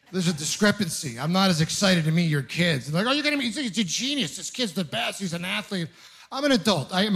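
A man from Ontario works a stand-up set, his voice sitting high for a man. He tells his stories deadpan and breaks into quick voiced asides, sounding like he's in his thirties. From Ontario, Canada. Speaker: stand-up comedian. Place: comedy club stage with a live audience laughing.

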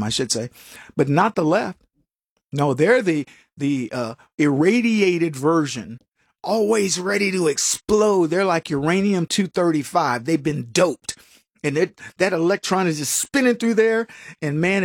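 A man's voice: fairly high pitch, no echo, studio quality. A man hosting a political talk show, delivering a casual, sarcastic commentary monologue full of restarts and chuckles at his own jokes. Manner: animated and sarcastic, with frequent restarts.

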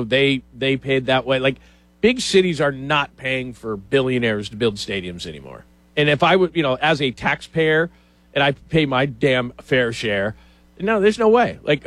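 A man's voice: medium pitch, a bit bright, dry recording. Opinionated talk show host, man. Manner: opinionated, riffing with mock quotes. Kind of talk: casual talk show chat.

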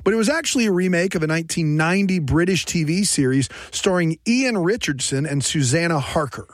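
A man's voice: on the high side, animated, fairly quick, dry recording. A man hosting a trivia game, reading questions and chatting with upbeat energy. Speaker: quiz host. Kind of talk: quiz hosting.

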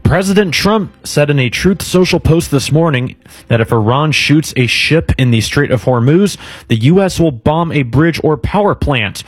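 A man reading a radio news bulletin in a brisk, scripted way. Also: mid-range voice, no room sound. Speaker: radio newsreader.

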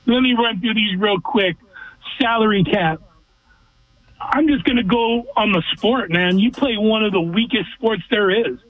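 A man's voice: high-pitched, unhurried, no room sound. A man from Southern California calling in to a sports radio show, with blunt and emphatic opinions. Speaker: regular caller. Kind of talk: call-in sports talk radio. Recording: tinny phone line, dry.

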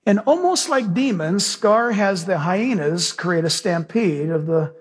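Preaching to his church, this man starts with a story and moves into impassioned prayer, praising again and again as his emphasis builds. He speaks unhurriedly in a high, expressive voice with a slightly rough texture.

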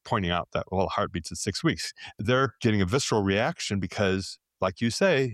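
A man's voice: fairly low pitch, no echo, studio quality. A man as a researcher guest in an interview, explaining earnestly and acting out quoted lines. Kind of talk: interview answers.

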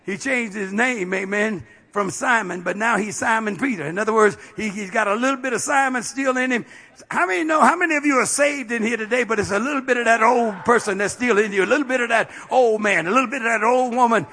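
A middle-aged male pastor preaching a fervent sermon, peppering his phrases with amen and building up to shouts. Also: very high voice, fast.

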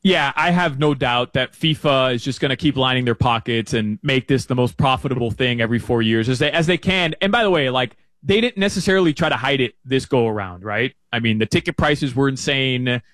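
A man talking casually as a soccer betting analyst, chatty and prone to jumping up in pitch when excited. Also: a little fast, few pauses, dry recording. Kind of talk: casual sports betting chat.

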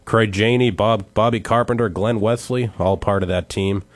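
A man with a fairly low voice co-hosts a relaxed talk show. He tells a joke with lively, acted shouts. The sound is dry and close. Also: normal speed, no room sound. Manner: animated storytelling with acted shouts. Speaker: co-host. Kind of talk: casual chat and joke telling.

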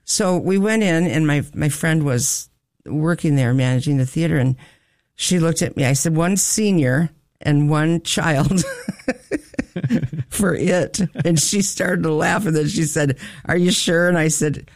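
A man's voice: on the high side, a little slow, no echo, clean studio sound. A man in a casual chat, telling funny family stories and acting out the voices of the people in them. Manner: animated storytelling, acts out quoted voices, laughs often. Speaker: storyteller in a chat.

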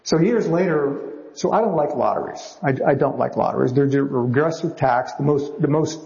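Man, gravelly voice, animated storyteller, interview guest, slightly dull recording. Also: fairly high pitch, normal speed. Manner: lively storyteller acting out quotes. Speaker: novelist guest.

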